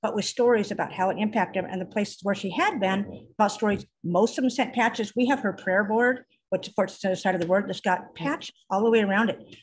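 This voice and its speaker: A mother in casual conversation, telling an animated story about her teenage daughter. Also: medium pitch, brisk. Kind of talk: casual chat.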